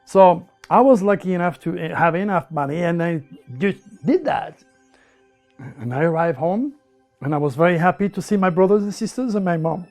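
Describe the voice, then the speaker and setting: Animated man with a French accent. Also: high voice, normal speed, soft background music. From France. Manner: animated, repeats words, broken English. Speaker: interviewee. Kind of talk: personal storytelling.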